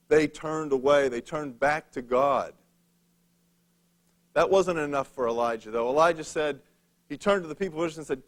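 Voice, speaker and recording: A man's voice: a little high, normal speed. A male preacher retelling a Bible story in a casual, conversational sermon, with a humorous touch.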